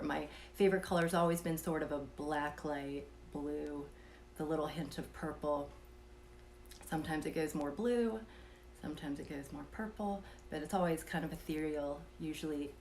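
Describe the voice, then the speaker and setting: A woman telling a personal story in a casual, soft-spoken way, sometimes dropping to a whisper and chuckling between thoughts. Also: deep voice. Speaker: vlogger telling a personal experience.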